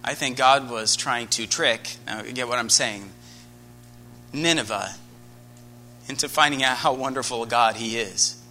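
Bright-voiced American man preaching. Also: mid-range voice, a little slow, long pauses, soft background music. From United States. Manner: earnest storytelling, grows animated and loud. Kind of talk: sermon.

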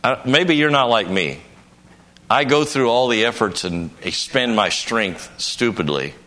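A man's voice: medium pitch, expressive, unhurried, bright, forceful tone. An older man preaching at a conference, telling a folksy personal story and breaking into emphatic bursts. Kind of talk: conference sermon.

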